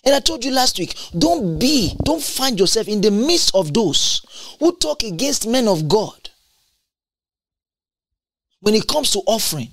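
A preacher delivering a sermon, emphatic and repetitive, with big leaps up and down in pitch and bursts of tongues. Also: sing-song, measured pace, long pauses, no room sound, studio quality.

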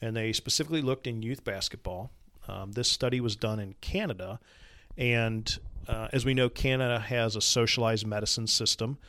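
A man's voice: on the low side, moderate pace, pushed and bright, no echo. A man in his forties hosting a podcast, explaining things in a chatty way with plenty of filler words. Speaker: podcast host. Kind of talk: casual chat.

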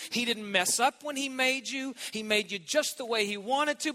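A man's voice: very high voice, pushed and bright, big-room sound. A man giving a sermon as a guest preacher, emphatic and stretching key words, with light joking asides.

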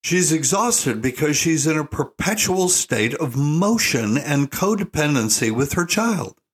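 Older guy lecturing about parenting, folksy and blunt, kinda high voice. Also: expressive, measured pace, breathy edge. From United States. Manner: folksy, emphatic, addresses listeners as "folks". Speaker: parenting commentator. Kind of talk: opinionated monologue.

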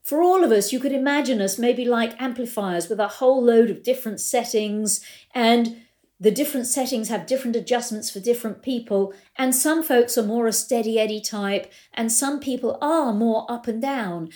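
A woman's voice: on the high side, moderate pace, a little mellow. A middle-aged woman, a riding coach, explaining ideas in a storytelling way and acting out the exchanges she quotes. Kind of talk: explanatory talk with anecdotes.

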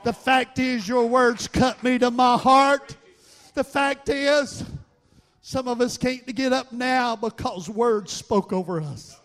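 A man preaching a fiery sermon, shouting and half-singing his repeated lines. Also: extremely high pitch, slow. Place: church sanctuary.

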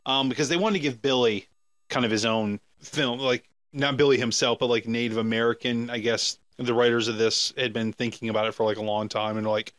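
A man's voice: mid-range voice, fairly even intonation, brisk, fairly bright tone, clear, resonant tone, no echo. Rambling, jokey podcast man. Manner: rambling, jokey, full of fillers and restarts. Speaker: podcast co-host. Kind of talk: casual movie discussion.

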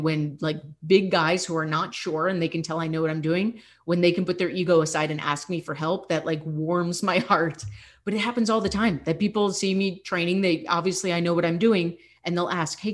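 A young adult woman fitness coach hosting a podcast, talking candidly and encouragingly, with laughs slipping in. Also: on the low side. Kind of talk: casual motivational podcast talk.

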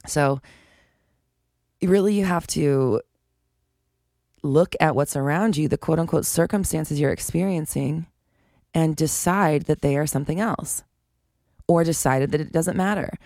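A woman with a low voice and plenty of vocal fry talks through a solo podcast episode in a frank, chatty way. She swears freely and laughs between her points. The sound is close and dry. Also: a little mellow, no room sound. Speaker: podcast host. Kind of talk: casual solo podcast monologue.

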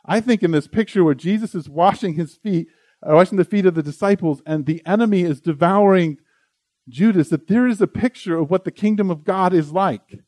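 A man's voice: high-pitched, brisk, a little mellow, dry recording. Earnest man preaching, dry close sound. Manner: earnest, conversational preaching with many restarts. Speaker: pastor. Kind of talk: sermon. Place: church sanctuary during a service.

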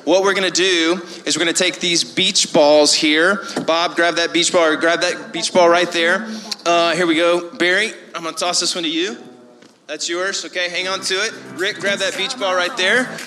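A man leading a church crowd game, loud and excited, calling out to the crowd. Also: sits high, moderate pace. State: out of breath. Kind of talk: energetic stage hosting. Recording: echoey hall with faint music.

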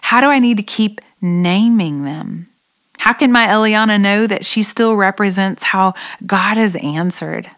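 A woman's voice: mid-range voice, a little slow, a bit bright. A woman in her forties hosting a devotional podcast, speaking in an earnest, reflective way. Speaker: podcast host. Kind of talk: devotional talk.

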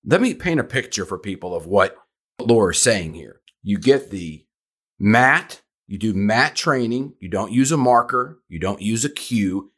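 A man's voice: on the low side, expressive, measured pace, fairly bright tone, husky. A man hosting a podcast, talking with enthusiasm in an easy conversational way as a dog trainer. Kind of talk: conversational interview.

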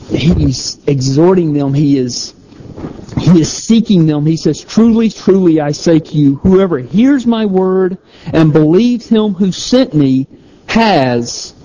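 Slow, emphatic male pastor preaching. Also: a little high, dark tone, highs cut off, slight background noise. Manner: slow, emphatic, repeats key phrases. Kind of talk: sermon.

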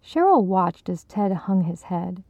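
Brief: woman narrator, audiobook, dark gravelly voice, dull dry recording. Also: on the low side, big pitch swings, a little slow, dry recording.

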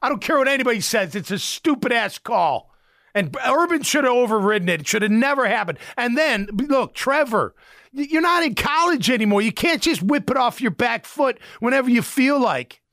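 A man hosting a casual sports podcast, ranting in an animated, exasperated way and often repeating himself. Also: very high-pitched, moderate pace, no echo, clean studio sound.

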